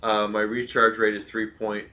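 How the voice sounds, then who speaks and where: A man's voice: on the low side, monotone, moderate pace, bright, forceful tone. A man streaming a video game, giving rambling, opinionated advice with lots of fillers. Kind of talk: casual gameplay commentary.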